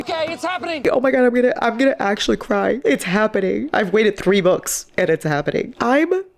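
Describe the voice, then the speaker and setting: A woman's voice: mid-range voice, sing-song, brisk, creaky. A young woman vlogging as she reads, talking casually and reacting with dramatic, gushing outbursts that are laced with swearing. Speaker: book vlogger. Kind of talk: casual reading vlog.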